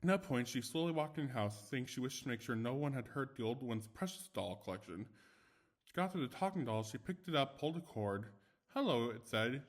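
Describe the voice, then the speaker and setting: A young man casually reading ghost stories aloud, chatty and stumbling over words, with asides, recorded without a proper microphone. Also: medium pitch. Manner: chatty, self-commenting, stumbles and restarts. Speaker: story reader. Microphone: no dedicated microphone.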